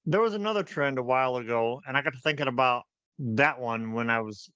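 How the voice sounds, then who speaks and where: A man co-hosting a casual talk show, animated, laughing often and repeating words as he thinks. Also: medium pitch, a little fast, clear, resonant tone, no room sound, highs cut off. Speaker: podcast co-host. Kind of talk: casual chat.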